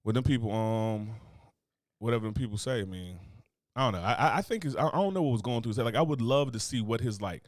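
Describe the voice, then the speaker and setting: An American man hosting a podcast, talking quickly and bluntly with plenty of profanity and joking asides. The sound is close and dry, with no room echo. His voice sits at a medium pitch. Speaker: podcast host. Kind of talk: casual podcast chat.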